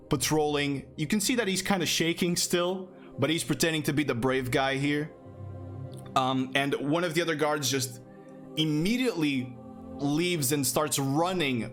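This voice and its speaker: Man narrating as game master. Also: mid-range voice. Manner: loose, casual storytelling.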